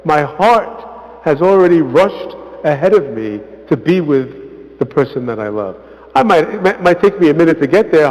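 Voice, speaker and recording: A man, a visiting priest, giving an informal parish talk, conversational and often asking "right?", acting out quotes with lively emphasis. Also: a little high, moderate pace. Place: church hall. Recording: echoey church hall, muffled sound.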